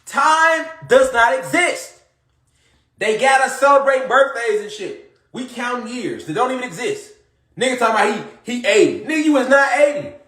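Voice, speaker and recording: A man delivering a rambling, preachy comedic monologue, repeating himself and swearing often, getting louder as he goes. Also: very high voice, lively intonation, moderate pace, reverberant. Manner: preachy, repetitive, profane, rising to shouts. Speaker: comedic conspiracy monologue performer.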